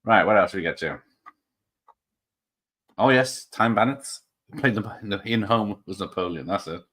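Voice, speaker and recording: A man hosting a casual live show reads viewer comments aloud, rambling and restarting and filling pauses with ums and little chuckles. His voice is slightly low with a fairly bright tone, and he speaks at a normal speed.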